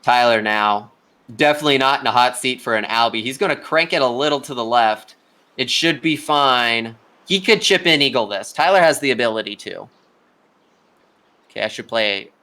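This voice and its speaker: A man's voice: mid-range voice, moderate pace, pushed and bright. A young man giving casual live play-by-play commentary on a video game golf tournament, chatty and talking straight to the players.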